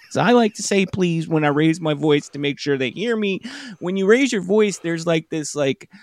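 A man co-hosting a podcast, telling a long comic story in a halting, rambling way that keeps circling back on itself. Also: on the high side, expressive, dry recording. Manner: rambling, halting, self-interrupting. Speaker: podcast co-host. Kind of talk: casual comedic storytelling.

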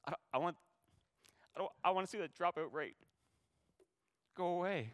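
A man preaching a sermon as pastor, moving between hushed, tender lines and loud, rising exhortation, sounding emotional and close to tears. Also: high-pitched, normal speed, no room sound.

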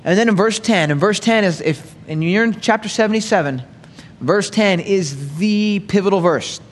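A man's voice: sits high, normal speed, big-room sound. A man teaching a Bible study in a conversational sermon style, reading psalms and often checking in with "right?" and "okay?". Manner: conversational, asks rhetorical questions with frequent "right?" and "okay?".

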